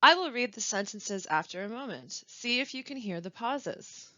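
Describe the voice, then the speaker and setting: A woman teaching a scripted webinar on pronunciation, reading example sentences slowly with deliberate stress and pauses. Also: on the high side, expressive, bright, forceful tone, no echo, highs cut off. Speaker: language support instructor.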